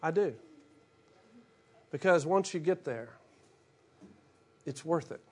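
A man's voice: on the high side, takes it slowly, slightly rough. A middle-aged man preaching a casual, humorous sermon, acting out little asides. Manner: humorous, animated storytelling with acted-out asides. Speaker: pastor. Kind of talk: conversational sermon.

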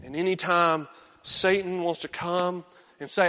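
A male pastor preaching a sermon, swinging from loud exhortation down to hushed, intense near-whispers. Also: sits high, fairly even intonation, a little slow, in a large hall.

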